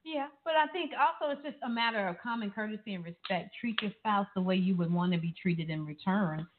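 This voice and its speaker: A woman's voice: medium pitch, a little fast, noisy background. A woman co-hosting a talk show, giving earnest relationship advice and sharing personal stories. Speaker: co-host of a marriage talk show. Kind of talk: casual advice chat. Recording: tinny phone-like sound.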